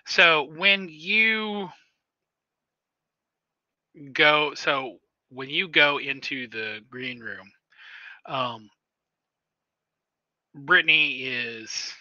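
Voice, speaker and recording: A man narrating as storyteller in a tabletop role-playing game, halting with frequent pauses and restarts. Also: fairly high pitch, sharp tone, no echo, muffled recording. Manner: halting, many fillers and restarts.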